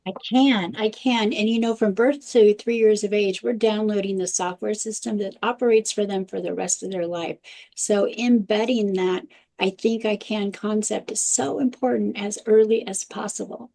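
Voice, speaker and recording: Mellow-voiced woman guest spinning a parenting story, easygoing interview talk. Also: medium pitch, moderate pace, creaky. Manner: animated anecdotal storytelling.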